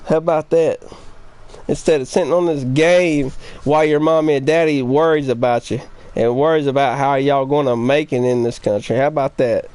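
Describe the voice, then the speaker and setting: High-voiced man trash-talking online. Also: a little mellow. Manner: taunting, profane, confrontational ranting; repeats his jabs over and over. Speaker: live streamer. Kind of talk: trash-talking live-stream chat.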